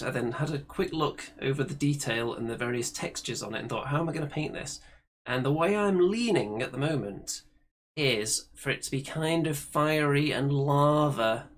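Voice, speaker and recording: A man's voice: medium pitch, normal speed, slight background noise. A man hosting a casual hobby chat show, presenting the segments in a chatty way. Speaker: host.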